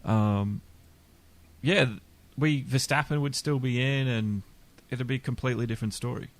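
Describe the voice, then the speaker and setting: A man's voice: medium pitch, normal speed. A man hosting a casual podcast chat, plain-spoken and teasing. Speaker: podcast host.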